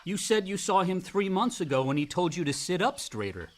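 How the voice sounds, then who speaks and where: A short-fused, protective brother in a radio drama. He talks bluntly and curtly in a slightly raised pitch. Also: very animated, brisk. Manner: blunt and curt.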